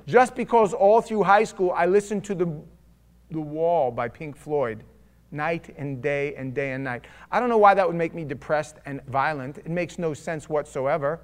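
A man's voice: high voice, smooth. Wry, conversational male pastor preaching. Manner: conversational, wry and humorous, swinging between loud and hushed. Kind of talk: sermon.

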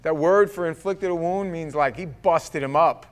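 A man's voice: a little high, moderate pace. A man preaching a sermon, joking and acting out the scripture with voices. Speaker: pastor.

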